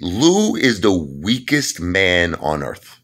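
A man on a comedic trash-talk rant, pushing his point with constant repetition and check-ins. His fairly low voice swings widely in pitch and has a bright, forceful edge. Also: big pitch swings, takes it slowly. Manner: emphatic and repetitive, keeps saying "listen to me" and "okay?". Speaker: vlogger.

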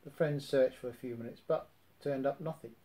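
A man reading a children's storybook aloud in a gentle, expressive way. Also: mid-range voice, a little fast, a little hiss or hum, poor audio.

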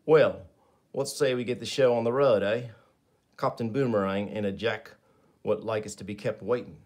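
A man's voice: on the low side, steady tone, moderate pace, darkish tone, close to an everyday voice. A man voicing a brash Australian crook in a put-on Australian accent, sounding cheeky and boastful while reading a comic aloud. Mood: cocky.

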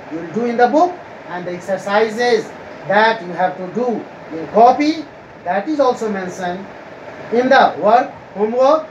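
A woman teaching a grammar lesson to students, explaining slowly and repeating herself. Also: mid-range voice, dull audio. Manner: slow, repetitive explaining to students. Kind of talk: recorded online grammar lesson. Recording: echoey room with faint ambient noise.

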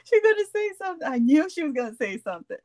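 New york puerto rican lady, giggly and teasing, kinda high voice, dry close sound. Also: fast talker, no room sound. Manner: laughs often, animated and teasing. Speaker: co-host of a live crafting stream. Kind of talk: casual chat.

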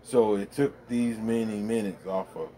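A man's voice: on the low side, measured pace, warm tone, slight background noise. A middle-aged man rambling bluntly in a casual monologue, full of profanity, recorded at home in his man cave. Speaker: vlogger.

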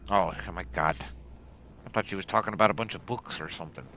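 A man with a very deep voice gives casual commentary over his gameplay. He grumbles as he goes, growling "arr" and tacking "I swear" onto his remarks. Steady background noise sits under the recording. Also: fast talker, gravelly. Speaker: gaming channel host.

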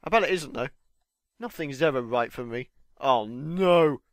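A young man with a slightly stuffed-up voice, chatting excitably and swearing mildly as he comments on his own gameplay. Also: medium pitch, measured pace, dry recording, clean studio sound. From United Kingdom. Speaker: gaming channel host.

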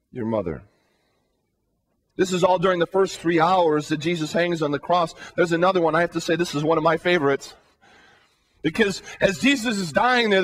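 A man's voice: high voice, fairly bright tone, a little hiss or hum. A man preaching a sermon in an earnest way, asking the listeners questions and often repeating words as he builds a thought.

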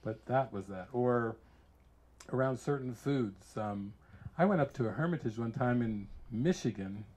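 A man, a spiritual teacher, giving a casual talk full of animated stories and frequent laughter. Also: mid-range voice, a little slow. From United States. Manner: animated storyteller who laughs often.

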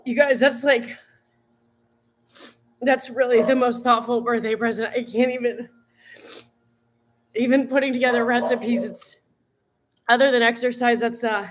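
A woman's voice: fairly high pitch, fairly even intonation, unhurried, pauses often, slight background noise. A woman fitness coach chatting live with her viewers, bubbly and giggly, gushing often. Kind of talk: live stream chat with viewers.

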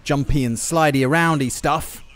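A man giving jokey, self-mocking gameplay commentary with quick asides. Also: on the high side, fairly even intonation, fairly bright tone. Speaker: gaming YouTuber.

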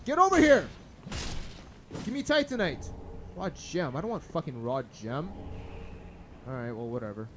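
A young man commentating a blind playthrough of a hard video game, swearing and shouting at enemies, then muttering to himself. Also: wildly swooping pitch, moderate pace, long pauses, a little hiss or hum. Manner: swearing, yelling at enemies, sudden pitch jumps. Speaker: gaming channel host. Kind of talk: blind let's play commentary.

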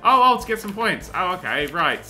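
A man giving rambling, excitable gameplay commentary and swearing often as he plays. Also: sits high, normal speed, soft background music. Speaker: let's play host.

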